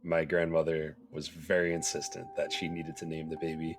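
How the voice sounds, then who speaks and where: A man's voice: rumbling low, completely flat delivery, normal speed, noisy background. A man playing in a tabletop game, chatty, telling a family anecdote with a laugh. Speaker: player. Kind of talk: casual chat.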